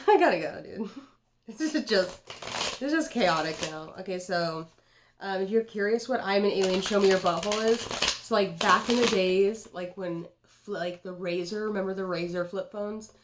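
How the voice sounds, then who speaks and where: A woman's voice: medium pitch, background noise. A woman in her twenties who reads tarot, talking in a loose, rambling way with lots of swearing and "dude.". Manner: rambling and profane, says "dude" a lot. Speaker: tarot card reader. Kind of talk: casual rambling tarot vlog.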